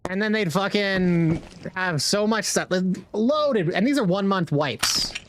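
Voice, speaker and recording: A man's voice: high-pitched, expressive, measured pace, a little hiss or hum. A young man streaming a game, chatting casually in a rambling, slangy way with lots of swearing. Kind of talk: casual chat while gaming.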